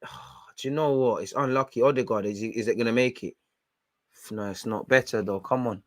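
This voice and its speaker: A young man streaming a football watchalong, shouting at players and slipping into slang as he grows frustrated. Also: medium pitch, brisk, dry recording, studio quality. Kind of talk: live match reaction commentary.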